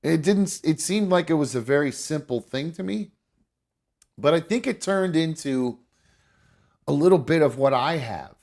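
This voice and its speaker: Lively-voiced male podcast host. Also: on the high side, normal speed. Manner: rambling, profane, restarts. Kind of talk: casual chat.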